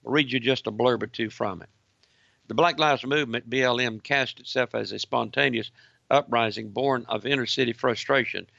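A man giving an emphatic political commentary broadcast, hammering points through repetition and reading articles aloud in a gravelly voice. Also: medium pitch, normal speed, bright, forceful tone, no echo, highs cut off.

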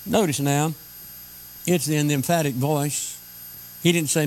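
Male preacher, somewhat high voice, emphatic pulpit delivery, faint hiss behind. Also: a little mellow, low-quality recording. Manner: emphatic, slows down to stress scripture. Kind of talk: sermon.

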